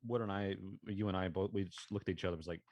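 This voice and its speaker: A man's voice: deep voice, fairly even intonation, quick pace, darkish tone, dry recording. A man co-hosting a podcast, chatting with wry, dry humor. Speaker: podcast co-host. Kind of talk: casual chat.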